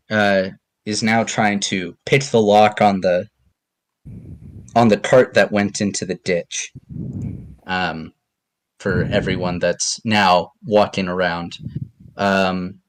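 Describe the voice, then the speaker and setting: Man, game master, lowish voice, casual hesitant narration, lots of ums.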